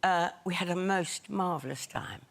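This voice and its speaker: A woman's voice: lowish voice, moderate pace, creaky. An older woman chatting as a talk show guest, telling wry, self-deprecating anecdotes. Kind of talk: casual chat. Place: TV studio with audience.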